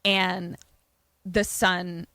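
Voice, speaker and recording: A woman's voice: lowish voice, little pitch movement, extremely slow, bright, forceful tone, no echo. A young adult woman co-hosting a podcast, recapping a film in chatty, profane casual speech. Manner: chatty and profane, with many fillers. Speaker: podcast co-host.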